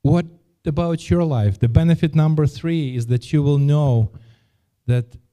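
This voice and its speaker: Mellow-voiced man preaching earnestly. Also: on the high side, measured pace. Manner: earnest, repeats words and restarts phrases. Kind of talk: sermon with a personal story.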